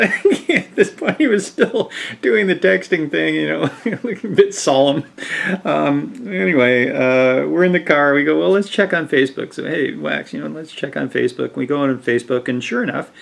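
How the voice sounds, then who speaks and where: A man's voice: on the high side, creaky, fairly bright tone. A man telling a rambling personal anecdote, with many fillers and chuckles. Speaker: storyteller. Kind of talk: casual anecdote.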